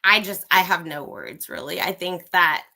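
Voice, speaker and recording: A woman's voice: lowish voice, normal speed, creaky, pushed and bright. A woman hosting a livestream, giving a blunt, profane opinion rant straight to her viewers. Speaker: livestream host. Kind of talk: ranting live commentary.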